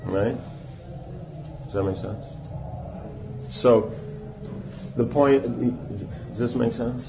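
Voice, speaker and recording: A man's voice: mid-range voice, very slow, lo-fi sound, background noise. A man giving an informal spiritual class, explaining points conversationally and often checking in with his listeners. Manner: conversational, keeps checking in with "right?". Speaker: spiritual teacher.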